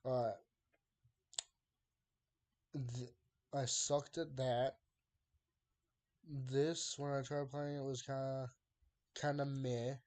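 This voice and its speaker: A young man streaming from his desk mic, talking at an unhurried, dragging pace. He banters with his chat and sounds fed up with their jokes. His voice sits at an ordinary middle pitch. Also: flat delivery, a little mellow. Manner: drawling, exasperated banter with chat, laughs often. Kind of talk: casual live-stream chat.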